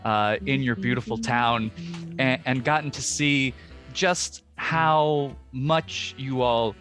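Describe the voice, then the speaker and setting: Slow, bright-voiced man player. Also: medium pitch, faint music behind. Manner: formal, measured. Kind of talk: in-character courtroom speech.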